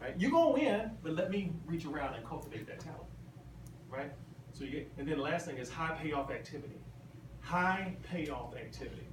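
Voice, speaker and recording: Animated and slightly fast, a man with a fairly high voice gives a motivational convention talk, leaning on repetition and emphasis and putting questions to the audience. The large hall echoes, heard from afar with ambient noise.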